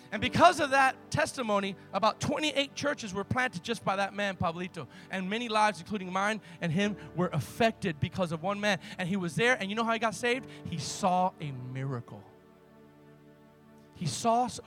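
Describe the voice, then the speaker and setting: A man preaching a sermon, telling stories emphatically, swinging from loud to hushed. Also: sits high.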